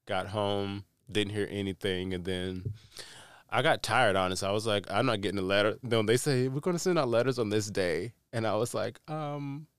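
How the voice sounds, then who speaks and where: A young man co-hosting a casual chat show, telling an animated story and acting out the people in it. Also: on the low side, normal speed, clean tone, dry recording. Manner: animated storyteller, acts out quotes, laughs often. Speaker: podcast co-host.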